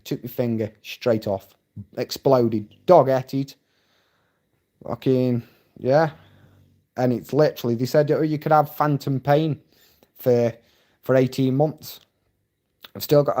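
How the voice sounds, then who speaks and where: A man's voice: medium pitch, a little mellow. A Scottish man chatting casually on a live stream, rambling and swearing bluntly as he reads and answers viewer comments. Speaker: livestreamer.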